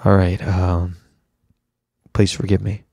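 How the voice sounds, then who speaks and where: A man's voice: low-pitched, flat delivery, slow pace, gravelly, mellow, no room sound. A young man with laryngitis hosting a solo comedy podcast, rambling in a jokey, self-deprecating way. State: hoarse with laryngitis. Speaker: podcast host.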